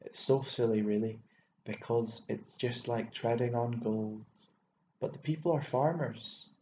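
A man voicing a fussy, excitable elderly bachelor landowner who rambles and exclaims, stammering when worked up, in an audiobook reading. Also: mid-range voice, unhurried, natural voice. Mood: rambling. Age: older. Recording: echoey room, dull lo-fi sound, faint hiss.

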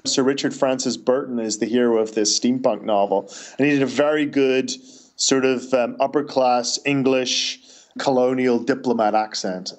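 A Northern Irish man tells stories in a relaxed interview, chatty and anecdotal, with quick restarts as he goes. His voice sits at an ordinary middle pitch. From Northern Ireland. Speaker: author. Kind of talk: casual interview answers.

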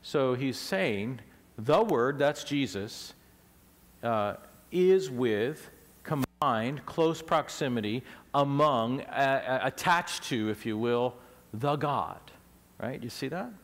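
Preacher teaching in an echoey church hall. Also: male voice, medium pitch, expressive, slow pace. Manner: explanatory, asks the congregation questions. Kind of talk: teaching sermon. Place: church sanctuary.

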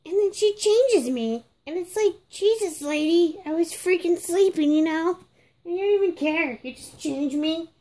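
A woman doing a very high-pitched, cranky baby doll. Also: lively intonation, normal speed, warm tone. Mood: fed-up. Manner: grumbling, exasperated rant addressed to viewers. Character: sassy, fed-up baby girl doll. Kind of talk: comedic monologue in character.

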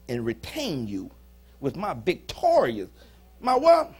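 Animated high-voiced preacher man. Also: slow pace, breathy edge, faint music behind. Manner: preaching with sudden shouts and soft asides; folksy, humorous, talks to the congregation. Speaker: pastor. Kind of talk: sermon. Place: church sanctuary.

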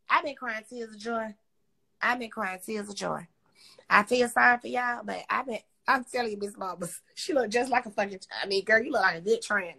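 A woman's voice: high-pitched, pushed and bright. A woman hosting a phone livestream, talking casually in a brash, profane, mocking way. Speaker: Instagram live host.

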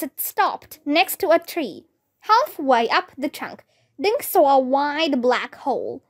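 A woman with a Vietnamese accent reading a children's book aloud, slowly and carefully, giving the kids' dialogue some life. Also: sits high. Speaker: reader.

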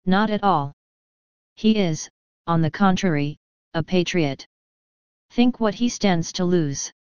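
A woman reading an audiobook, voicing a fussy elderly male Belgian detective who speaks calmly and precisely with gentle teasing. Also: on the low side, slow, clear, resonant tone, dry recording, dull audio. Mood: calm, amused.

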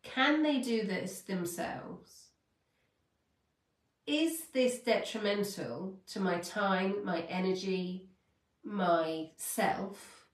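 A woman's voice: mid-range voice, extremely slow, roomy sound, recorded from a distance. A woman hosting a spiritual podcast, telling a story in a heartfelt, rambling way and correcting herself as she goes. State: near tears. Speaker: podcast host. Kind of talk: spiritual coaching talk.

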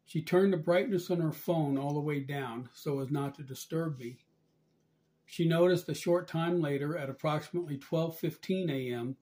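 A man reading aloud a written account of a dream and vision in a measured, subdued way. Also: on the high side, warm tone. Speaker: religious channel narrator.

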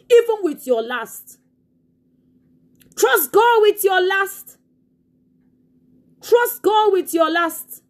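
Woman preacher, very high pitched voice, impassioned, tearful shouting. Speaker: pastor. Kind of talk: sermon.

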